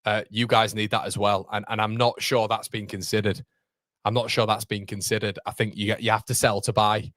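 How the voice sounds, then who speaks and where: A man hosting a live watchalong, shouting at the match and chatting with his viewers in British slang. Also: on the low side, level tone, brisk, no echo, studio quality. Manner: uses British slang like lads, mate, muppets. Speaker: live-stream watchalong host. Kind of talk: excitable live football reaction chat.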